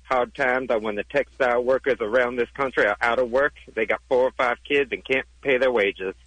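Mid-pitched male caller. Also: fairly even intonation, fairly quick, fairly bright tone, no echo, low-quality recording.

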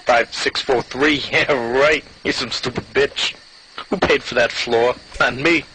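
An actor playing a petty, foul-mouthed New York man with a heavy accent, rambling through an animated comedy bit. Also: medium pitch, a little slow, background noise, lightly acted. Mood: scornful. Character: crude ranting New York guy, petty and scornful.

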